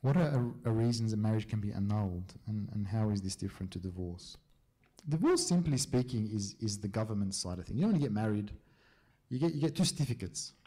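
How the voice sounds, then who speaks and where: A man's voice: lowish voice, lively intonation, mellow, slightly rough. A man, a priest, answering questions from a church group in a casual, chatty way, telling stories and often checking in with his listeners. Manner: chatty storyteller, often checks in with a quick "yeah?".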